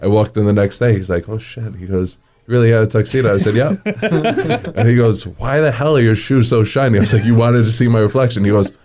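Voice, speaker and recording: His voice is lowish and darkish, moving a little quickly. A restaurant owner in an interview, he tells relaxed stories, playing out the quoted dialogue and often breaking into chuckles.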